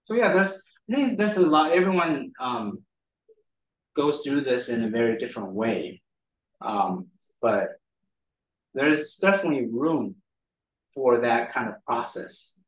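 A man's voice: medium pitch, animated, a little slow, long pauses. A man leading a Bible study in a casual teaching style, rambling with many ums and restarts. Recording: roomy sound from a distant mic.

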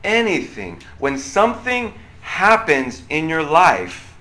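A middle-aged man with a loud voice that carries, giving a casual youth sermon to a group of students and often checking in with "right?". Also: on the high side, huge pitch swings, slow. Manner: conversational, often checks in with 'right?'. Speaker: youth pastor. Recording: roomy echo.

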